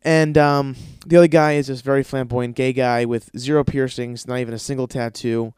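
A man tells stories on his podcast in a loose, crude, rambling way. His voice sits at a middle pitch and is recorded dry and close, with no room sound. He often jumps into a higher voice to act out the people in his stories. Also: moderate pace, clear, resonant tone, dry recording. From lives in Los Angeles. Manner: profane, rambling, animated, mimics others in high voices. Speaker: podcast host. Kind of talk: casual storytelling monologue.

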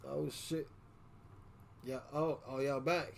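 Man, podcast host, gravelly voice, laid-back slangy banter, noisy background. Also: medium pitch, steady tone, slow. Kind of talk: casual chat.

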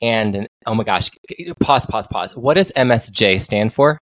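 A man hosting a podcast interview in a playful, self-mocking way, jumping into high excited exclamations. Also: normal speed, no echo. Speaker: podcast host.

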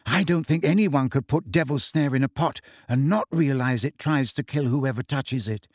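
A man reading aloud, voicing an anxious, clever teenage schoolgirl witch who speaks quickly and urgently. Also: mid-range voice, darkish tone, no room sound, clean studio sound, close to an everyday voice. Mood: shaken.

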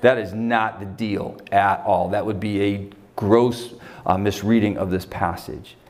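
A man with an American accent preaching a conversational sermon as pastor, swinging from loud emphatic lines to hushed, quiet quotes. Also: on the low side, fairly even intonation, measured pace.

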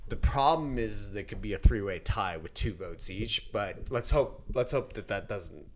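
A man's voice: on the low side, animated, moderate pace. A man in his thirties hosting a comedy podcast, teasing and self-mocking in casual chat. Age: 30s. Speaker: podcast host.

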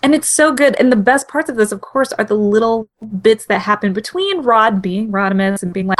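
A woman co-hosting a casual chat, animated and quick to act out characters' lines. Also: mid-range voice. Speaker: podcast co-host.

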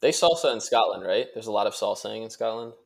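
A man's voice: lowish voice, lively intonation, fast talker, creaky. A man co-hosting a casual podcast on a video call, talking in a dry, teasing way. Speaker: podcast co-host.

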